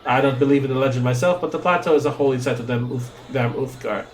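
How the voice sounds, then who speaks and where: A man reading a distrustful, gruff male settler from a game, in a folksy grumbling drawl. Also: medium pitch, fast, soft background music, lightly acted. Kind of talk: reading game dialogue aloud.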